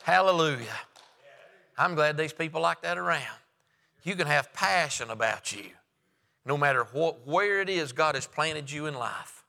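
Bright, emphatic preacher man in a hall. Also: a little high, lively intonation, moderate pace, creaky. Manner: folksy storytelling with loud emphatic rises. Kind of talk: sermon.

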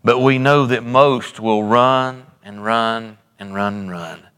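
A man's voice: on the low side, takes it slowly, fairly bright tone, clean tone, long reverb tail. A male pastor delivering a sermon in a church, preaching with repetition and sudden rises and drops in his voice. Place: church sanctuary.

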